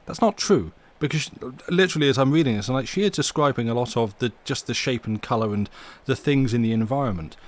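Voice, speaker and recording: Between story readings on his live stream, a man talks loosely with viewers, cutting himself off, starting sentences over and tossing in chuckling asides. He speaks fast in a mid-range voice, hardly pausing.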